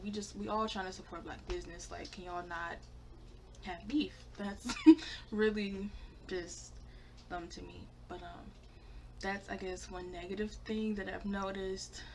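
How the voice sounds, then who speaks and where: Chatty young woman with a lowish voice. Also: a little hiss or hum. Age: young adult. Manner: relaxed, chatty with many fillers and laughs. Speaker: vlogger. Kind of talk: casual talk to camera.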